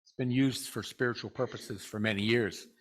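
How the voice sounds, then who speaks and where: A man giving a Sunday talk to a spiritual community. He tells a personal story in a relaxed, rambling way, stops often on "uh", and speaks directly to the congregation. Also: mid-range voice. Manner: relaxed, rambling, with frequent "uh" pauses.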